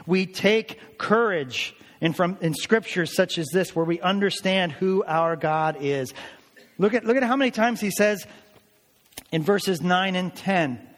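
A man's voice: high-pitched, a little slow, a bit bright, in a large hall. A man preaching a sermon, earnest and building to emphatic declarations as he explains scripture. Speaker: pastor.

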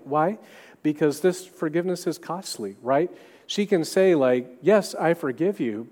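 A man in his thirties preaching in a church sanctuary, his voice trailing off into a long reverb. He speaks at a mid pitch and keeps it conversational, dropping in quick asides between points. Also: darkish tone. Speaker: pastor. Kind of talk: sermon.

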